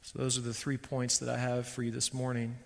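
A man preaching a sermon as pastor, speaking emphatically and building to loud, fervent peaks. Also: mid-range voice, monotone, brisk, creaky, long reverb tail.

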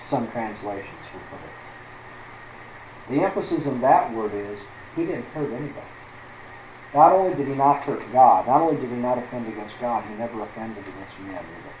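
A man's voice: medium pitch, a little mellow, reverberant, slight background noise, rough recording. A man teaching through a Bible passage as a preacher, stressing words one by one and putting questions to his listeners.

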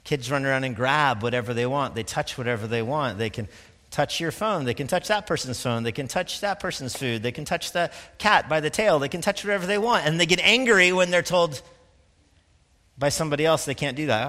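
Pastor, male, conversational sermon delivery, bright and forceful tone, long hall reverb. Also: on the high side, animated. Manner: conversational preaching with quick asides and laughs.

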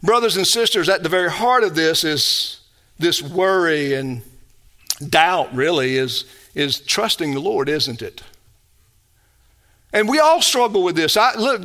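A male pastor preaching a sermon, emphatic, moving between loud exhortation and quiet storytelling. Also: high-pitched.

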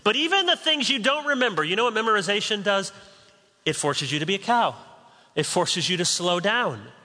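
Bright-voiced male preacher in a hall. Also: high-pitched, lively intonation, brisk. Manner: conversational preaching with humorous asides. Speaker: pastor. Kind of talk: sermon. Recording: long hall reverb.

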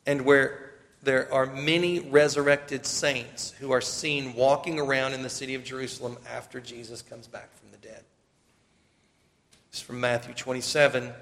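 A man's voice: medium pitch, steady tone, moderate pace, vocal fry, fairly bright tone, in a large hall. A man preaching a sermon, reading scripture aloud and lifting his voice for the emphasized passages. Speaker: pastor.

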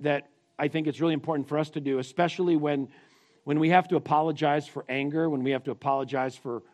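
A man's voice: mid-range voice, darkish tone. A middle-aged man preaching a family sermon, leading the congregation in call-and-response repetition in a plain-spoken, teaching manner. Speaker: pastor.

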